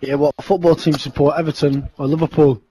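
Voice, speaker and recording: A man's voice: a little high, steady tone, brisk, warm tone. A man hurling taunting insults in a game voice chat. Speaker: online gamer. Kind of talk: trash-talking game voice chat. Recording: voice chat with crowd chatter.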